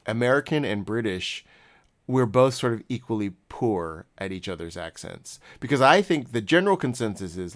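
Young male podcast co-host, wry and quick to laugh, very expressive pitch. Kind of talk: casual chat.

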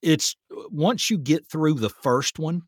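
A man's voice: a little high, lively intonation, slow pace, husky, no echo, studio quality. Folksy man chatting on a podcast. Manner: folksy, emphatic, laughs easily. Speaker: podcast co-host, voice actor. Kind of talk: casual podcast chat.

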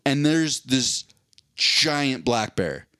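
A man's voice: mid-range voice, sing-song, extremely slow, bright, forceful tone, clean tone, dry recording, studio quality. A man co-hosting a podcast who tells a long story in casual, profane chat and acts out voices as he goes. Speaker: podcast co-host.

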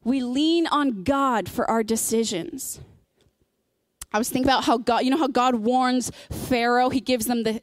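A woman's voice: on the high side, dry recording, clean studio sound. Woman preaching a chatty sermon. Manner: conversational, personal storytelling with fillers.

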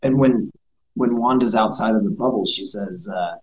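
A man's voice: lowish voice, moderate pace, low-quality recording. A man chatting casually as a co-host, loose and slangy with lots of fillers. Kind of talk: casual chat.

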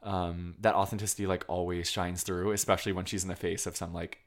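A man from Vermont with a somewhat low voice talks through a film in casual chat. He is animated and loose, full of filler words. He often slips into quick impressions of the characters. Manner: animated, many fillers, acts out quoted lines.

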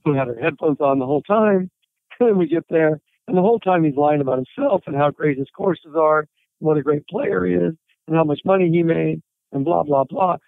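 A man, a writer and interview guest, telling animated anecdotes and quoting people as he goes. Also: a little high, a little fast, vocal fry, no echo. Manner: animated anecdotes with quoted voices and laughter. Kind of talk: storytelling interview. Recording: tinny phone-like line.

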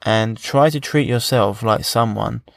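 A man's voice: fairly low pitch, unhurried, gravelly, dry recording. A man hosting a podcast, chatty and rambling as he talks about coaching. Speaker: podcast host. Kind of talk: casual podcast conversation.

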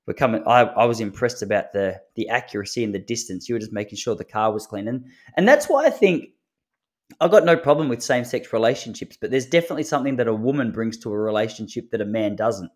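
This is a podcast host in his thirties doing a solo comedy monologue, a relaxed storyteller who laughs at his own jokes. He has a mid-range voice with lively intonation and talks fast.

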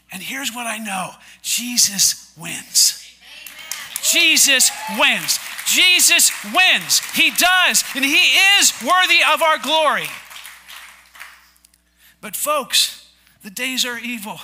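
Very high, bright-voiced male preacher. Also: slight background noise. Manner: emphatic, repetitive, calls the congregation to repeat after him. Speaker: pastor. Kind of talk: sermon. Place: church sanctuary before a congregation.

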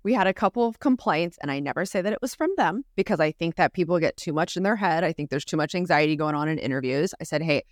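A woman co-hosting a podcast in casual chat, talking very fast and laughing often. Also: on the low side, expressive, dry recording, studio quality. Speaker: podcast co-host.

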